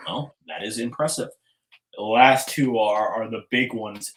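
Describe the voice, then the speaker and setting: A man's voice: lowish voice, unhurried, poor audio. A man hosting a casual interview podcast, enthusiastic and chummy, calling his guest "man". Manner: enthusiastic, bro-ish, calls guest "man". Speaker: podcast host.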